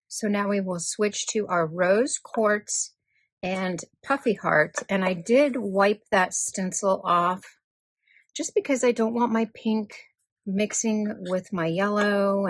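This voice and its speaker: A middle-aged woman calmly explaining card-making steps in a voice-over tutorial. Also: mid-range voice, dry recording. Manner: calm step-by-step explaining.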